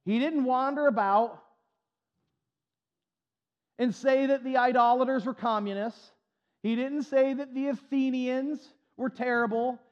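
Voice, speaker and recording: A man's voice: extremely high pitch, measured pace, long pauses, in a large hall, highs cut off. A man preaching a sermon as pastor, emphatic and repetitive, with folksy humor and stuttered restarts.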